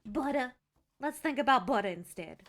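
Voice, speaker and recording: A woman's voice: high-pitched, big pitch swings, a little slow. A young woman streamer chatting casually, self-deprecating and swearing freely.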